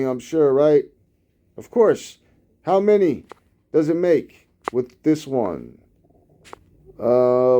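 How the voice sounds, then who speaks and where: A man's voice: mid-range voice, mellow. A man reading the news and riffing on it in a sarcastic, rambling, profane way. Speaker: host reading news with commentary. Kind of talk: casual news commentary.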